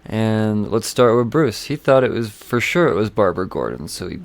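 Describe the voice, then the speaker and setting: An excitable man hosts a solo podcast in a casual, rambling style. His voice sits fairly low, and his delivery is loose and profane. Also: moderate pace, creaky. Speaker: comic book podcast host.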